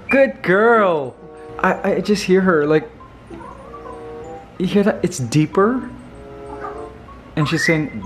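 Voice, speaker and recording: A man vlogging casually, playful and laughing often, cooing softly to his pet bird at home. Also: high-pitched, animated, takes it slowly, long pauses. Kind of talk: casual vlog chat. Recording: roomy echo with music behind.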